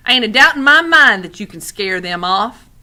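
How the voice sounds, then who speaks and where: A woman's voice: fairly high pitch, animated, normal speed, sharp tone. A woman voicing a bossy old country woman who drawls and orders people around. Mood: confident.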